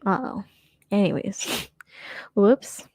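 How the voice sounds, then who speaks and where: A woman's voice: medium pitch, takes it slowly, a little mellow, no room sound, clean studio sound. A young woman hosting a casual reaction commentary, sarcastic and rambling, often laughing as she talks. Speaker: commentary host.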